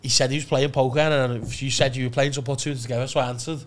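A man, co-hosting a comedy podcast in a relaxed, sweary chatting manner. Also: mid-range voice, rapid-fire. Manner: laid-back, swears, lots of "lad" and "lovely". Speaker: comedian co-host. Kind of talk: casual podcast banter.

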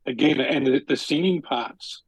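Husky-voiced enthusiastic Australian man. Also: medium pitch, unhurried, dry recording, rough recording. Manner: enthusiastic, gushing with restarts. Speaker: podcast co-host. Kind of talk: casual podcast conversation.

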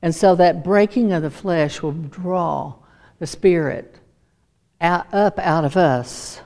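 Woman preacher, middle-aged, warm-toned storyteller, animated, laughs easily. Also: lowish voice, slow pace. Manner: animated storytelling, acts out voices, laughs often. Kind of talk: sermon with personal testimony.

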